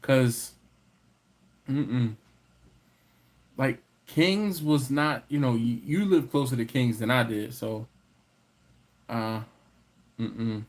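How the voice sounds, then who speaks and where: A man's voice: mid-range voice, slow, pauses often. A man hosting a casual livestream, reading viewer comments and teasing the chat. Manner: playful, teasing, banters with chat. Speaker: livestream host.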